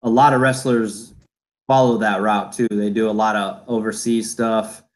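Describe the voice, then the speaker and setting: A man with a low voice hosts a podcast interview. He asks his questions in casual chat, hesitating, padding with fillers and restarting his sentences. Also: level tone, normal speed, rough recording. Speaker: podcast host.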